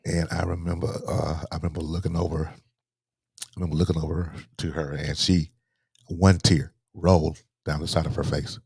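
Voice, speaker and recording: A man, a guest telling a painful personal story in a halting way, repeating words, his voice sinking low and soft. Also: level tone, creaky, breathy edge, dry recording, clean studio sound. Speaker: interview guest.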